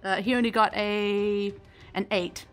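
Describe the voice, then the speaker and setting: A woman narrating as game master in a tabletop game, playful and quick to laugh. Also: mid-range voice, level tone, fairly bright tone, faint music behind.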